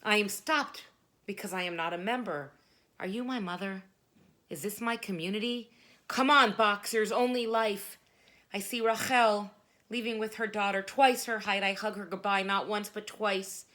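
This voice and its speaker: A woman performing spoken word poetry, dramatic and emphatic, with sudden loud bursts. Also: mid-range voice, fairly even intonation, normal speed.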